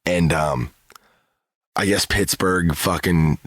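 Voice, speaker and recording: A man's voice: low-pitched, fairly even intonation, slow, fairly bright tone, slightly rough, no room sound, studio quality. A man co-hosting a podcast who talks casually, laughs often, and swears a lot. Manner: laid-back, laughs often, profane. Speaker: podcast co-host.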